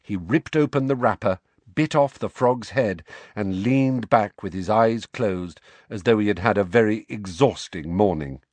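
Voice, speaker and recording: A man narrating a storybook, expressive and shifting voices for the characters. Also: lowish voice, measured pace, hardly any pauses, no echo. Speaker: audiobook narrator.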